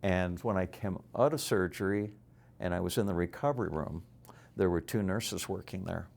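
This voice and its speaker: An older man, a business leader and guest, telling a personal faith story in an earnest, halting way. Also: deep voice, vocal fry, darkish tone. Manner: earnest, halting testimony with restarts.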